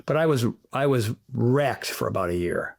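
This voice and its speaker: A man, a fitness trainer, chatting as an interview guest, telling animated, rambling stories peppered with sound effects. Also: medium pitch, normal speed, creaky. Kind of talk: casual interview chat.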